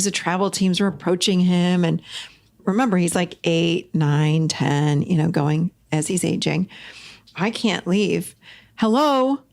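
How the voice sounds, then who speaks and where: A middle-aged woman talks on her solo podcast in a casual, expressive way. Her delivery lifts sharply when she makes a point and sinks into low, confiding asides. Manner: animated and expressive, swings between bright emphasis and low confiding asides. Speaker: podcast host.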